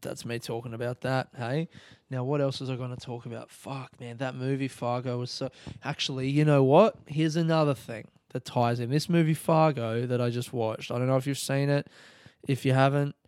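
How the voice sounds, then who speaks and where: A young man talks through his week on a solo podcast, rambling and swearing freely, often breaking into laughter. His voice is smooth and clear at a middle pitch. The close mic gives a dry sound. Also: fairly even intonation, normal speed, darkish tone, no echo. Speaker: podcast host. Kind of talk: casual solo podcast talk.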